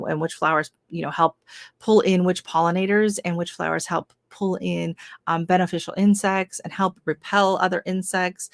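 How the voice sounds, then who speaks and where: Canadian woman host, lower voice, rambling filler-filled live chat, dry close mic. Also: gravelly, dry recording. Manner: rambling, filler-heavy, chatty. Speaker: gardening channel host. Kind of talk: casual livestream chat.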